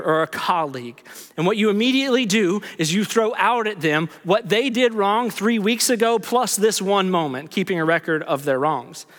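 A man with a high voice preaches a sermon, earnest and conversational, with wry self-mocking asides. His voice rings out in a hall with a long reverb tail. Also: a bit bright. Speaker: pastor.

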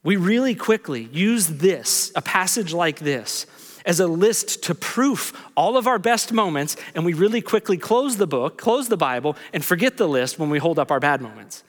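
A man's voice: a little high, expressive, moderate pace, long reverb tail. A man preaching a sermon as a pastor, earnest, with self-mocking asides.

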